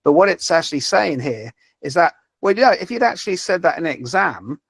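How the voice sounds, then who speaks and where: A man's voice: fairly high pitch, expressive, fairly quick, gravelly, a bit bright, husky, dry recording. A man presenting a language-learning app in a live webinar, talking over a video call with many fillers and restarts. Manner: hesitant, many fillers and repeated words.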